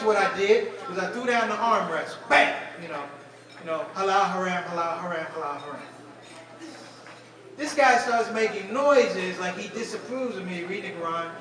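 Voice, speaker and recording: A man doing stand-up comedy at a fundraising dinner, telling animated stories and talking straight to the crowd. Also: high voice. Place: banquet hall at a fundraising dinner. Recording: echoey hall, distant mic, crowd. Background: audience laughing and murmuring.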